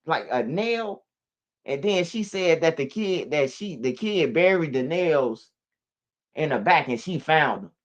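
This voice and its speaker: A man's voice: on the high side, lively intonation, measured pace, highs cut off. A man giving casual, rambling, profane commentary on street news.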